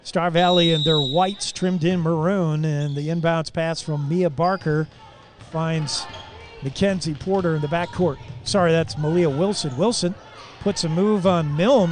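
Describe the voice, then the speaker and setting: A man calling a girls' high school basketball game live on radio, naming each pass and shot in quick, energetic bursts. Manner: rapid, energetic play calling, rising with the action. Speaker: radio play-by-play announcer. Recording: live gym broadcast with crowd noise. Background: crowd noise and bouncing basketballs.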